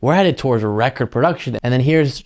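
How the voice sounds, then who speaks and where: A man's voice: medium pitch, animated, quick pace, a little mellow. Opinionated man hosting political commentary. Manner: conversational, opinionated, frequent um fillers. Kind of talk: casual commentary on news clips.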